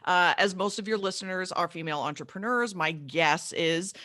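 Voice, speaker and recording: A woman psychotherapist talking as a guest in an interview, energetic and emphatic, now and then clearing her throat. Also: on the low side, moderate pace, no room sound, clean studio sound. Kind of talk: casual interview chat.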